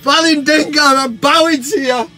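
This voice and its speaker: A young man talks in a very high, bright, sharp voice. He is giddy and shouty, swearing freely as a fan vlog host, with faint music behind him. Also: fairly even intonation, moderate pace.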